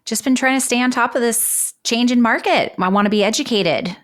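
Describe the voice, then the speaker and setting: A woman's voice: on the high side, a little fast. A middle-aged woman co-hosting a real estate podcast, bubbly and emphatic, with a playful edge. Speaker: podcast co-host. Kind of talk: casual chat.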